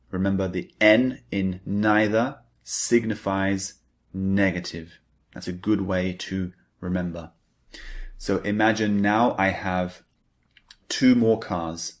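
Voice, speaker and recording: A man teaching an English grammar lesson, who repeats key points and stresses the target words. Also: low voice. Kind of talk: slow, deliberate grammar lecture.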